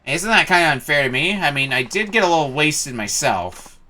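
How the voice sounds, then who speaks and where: A man voicing a calm, level-headed male hero from a video game, speaking patiently and reasonably. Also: a little high, normal speed, a little hiss or hum, pitched above the performer's own voice, full character voice. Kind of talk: reading game dialogue aloud.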